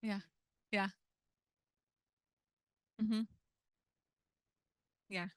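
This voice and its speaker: A woman's voice: mid-range voice, flat delivery, very slow, no room sound. A woman in her thirties leading an interactive parenting workshop in a casual, chatty way, often adding "like" and "right?". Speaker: parenting educator leading a training.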